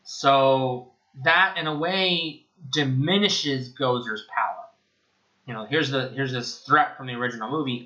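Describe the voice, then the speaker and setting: A man's voice: mid-range voice, normal speed, bright, forceful tone, rough recording. A man giving a casual spoken film review, sarcastic and profane, rambling as he goes.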